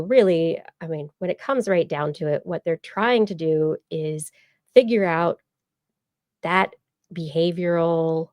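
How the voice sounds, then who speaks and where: A woman's voice: low-pitched, darkish tone, no echo, studio quality. A woman hosting a science podcast, explaining at length in casual chat with plenty of fillers. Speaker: podcast host.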